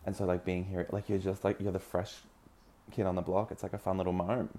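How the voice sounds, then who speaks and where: A man's voice: deep voice, flat delivery, brisk, warm tone, a little hiss or hum. A man, telling a dating story in a dramatic, gossipy way with lots of swearing. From Australia. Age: early 20s. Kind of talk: casual gossipy chat.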